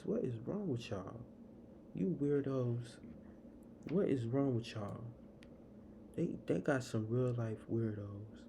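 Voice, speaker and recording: A man's voice: medium pitch, mellow. A young man hosting a live podcast, talking in a rambling, casual way. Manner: rambling, casual, fillers and restarts. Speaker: podcast host. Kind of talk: solo podcast monologue. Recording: noisy live stream audio.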